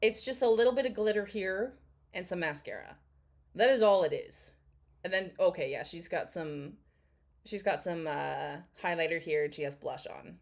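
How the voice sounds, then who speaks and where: A woman's voice: lowish voice, normal speed. A woman in her thirties chatting casually while reacting to a video, blunt and sarcastic, swearing and laughing often. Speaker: commentary vlogger.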